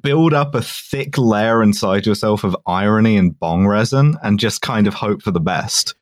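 A man's voice: lowish voice, normal speed, no echo, studio quality. A man co-hosting a podcast in casual chat, full of wry jokey asides. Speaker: podcast co-host. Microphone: remote podcast recording.

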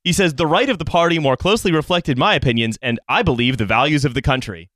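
A man's voice: fairly high pitch, fast talker, a bit bright, no echo. A man on a casual comedy podcast, reading passages from a book aloud and mocking them with sarcastic asides.

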